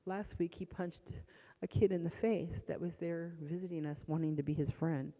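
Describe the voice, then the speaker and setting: A middle-aged woman gives an emotional personal testimony in a church. Her voice swings from hushed to loud and strained, and she talks haltingly with restarts. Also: lowish voice, fairly even intonation. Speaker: church member giving a testimony. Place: church sanctuary. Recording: long church hall reverb.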